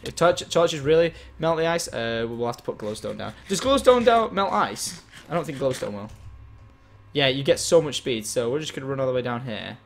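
A man chatting casually as he plays a game, explaining and getting excited as he goes. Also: medium pitch, fairly quick, gravelly, a little hiss or hum. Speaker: gaming host. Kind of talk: casual chat while gaming.

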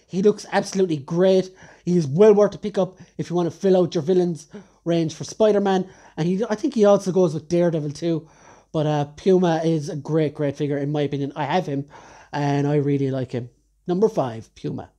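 A man's voice: high-pitched, dark tone. A man reviewing action figures in a casual top-ten countdown, chatty and enthusiastic, often correcting himself mid-sentence. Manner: chatty, enthusiastic collector with frequent self-corrections.

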